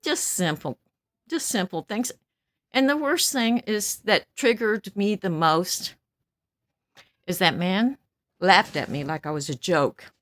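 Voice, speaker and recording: A woman's voice: mid-range voice, animated, slow pace, long pauses, fairly bright tone, dry recording. Blunt, stern woman in her seventies. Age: 70s. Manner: blunt, stern and outspoken, laughs between remarks. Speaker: vlogger. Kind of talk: casual venting monologue.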